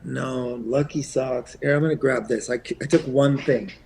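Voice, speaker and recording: A man from Quebec, a guest actor, chatting in an interview in a soft-spoken way that often trails off, with plenty of ums and uhs. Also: medium pitch, steady tone, moderate pace, vocal fry, slight background noise. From Eastern Canada, Quebec. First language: French. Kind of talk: casual interview chat.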